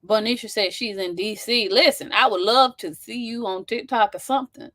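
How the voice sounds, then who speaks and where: Bright, chatty woman co-host. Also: fairly high pitch, moderate pace, dry recording. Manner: chatty, upbeat, reads comments aloud. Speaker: co-host reading viewer questions. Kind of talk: casual live Q&A chat.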